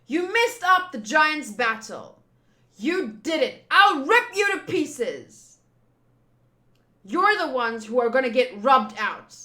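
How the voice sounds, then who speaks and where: A woman reading out the lines of a furious giant warrior man, making loud angry threats in a lively voice. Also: high-pitched, slow, heavily acted. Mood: enraged.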